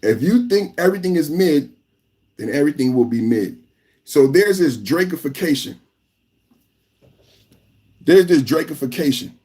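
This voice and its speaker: A podcast host from California, giving live reaction commentary in an emphatic, repetitive rant. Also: male voice, on the high side, lively intonation, moderate pace, long pauses, dark tone.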